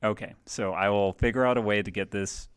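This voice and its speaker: A man's voice: on the low side, steady tone, brisk, smooth. Rambling man chatting on a webcam stream. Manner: rambling, filler-heavy, self-deprecating. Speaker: game cafe streamer. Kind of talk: casual livestream chat. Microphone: webcam mic, testing placement.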